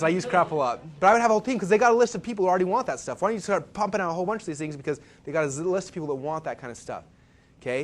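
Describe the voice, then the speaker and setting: A man presenting a live marketing seminar, telling stories and tossing questions and asides to the audience. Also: a little high. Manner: fast, animated storytelling with asides to the audience.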